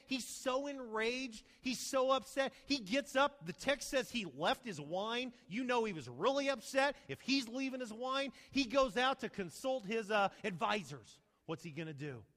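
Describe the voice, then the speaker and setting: Male pastor, high expressive voice, animated storytelling sermon, reverberant hall sound. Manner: animated storytelling with rhetorical questions.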